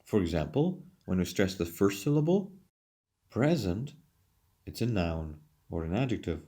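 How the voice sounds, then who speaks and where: A man's voice: deep voice, very animated, normal speed, dark tone. A man teaching English, reading questions and answers from a textbook lesson aloud. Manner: reads questions then answers them aloud.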